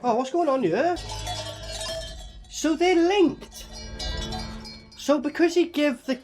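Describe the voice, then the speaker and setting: A man giving a casual reaction commentary on a film, excitable and profane, rambling with lots of fillers. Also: extremely high pitch, slow pace, soft background music. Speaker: movie reviewer.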